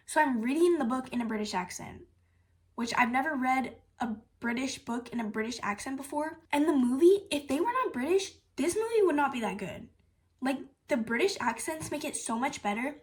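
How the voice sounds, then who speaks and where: A young woman gushing in a casual review, bubbly and excitable, with "like" all through her talk. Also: high voice. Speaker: book reviewer.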